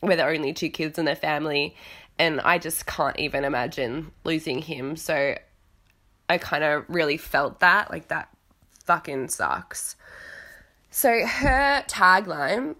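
A woman's voice: low-pitched, unhurried, sharp tone. A woman recapping a reality show at home, talking in a frank, chatty way and swearing casually. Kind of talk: casual chat. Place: home with cats nearby.

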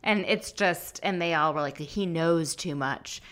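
Opinionated woman with a lowish voice. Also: a little slow, fairly bright tone. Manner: opinionated, incredulous questioning. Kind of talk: casual chat.

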